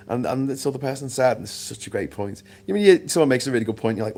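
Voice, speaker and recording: A man's voice: mid-range voice, quick pace, hardly any pauses. A man hosting a casual livestream chat, rambling and swearing freely. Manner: rambling, sweary, animated asides. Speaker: livestream host.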